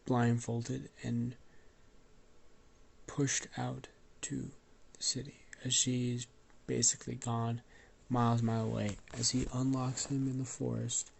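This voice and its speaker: A man's voice: mid-range voice, flat delivery, slow pace, vocal fry, a little hiss or hum. A man with a cold telling an improvised story in a loose, rambling way, coughing now and then. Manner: rambling, loose, with fillers and swearing.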